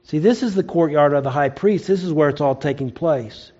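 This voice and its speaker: Male preacher with a high voice, storytelling sermon delivery, dull lo-fi recording. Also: brisk, dark tone. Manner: storytelling, acts out quoted lines with rising pitch.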